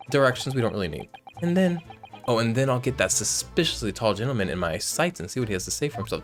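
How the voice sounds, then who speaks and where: Loud guy cursing through a game playthrough, jumpy swingy voice, medium pitch. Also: very animated, fast, faint music behind. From United States. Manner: loud, profane, joking asides. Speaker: let's play host. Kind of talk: casual game commentary.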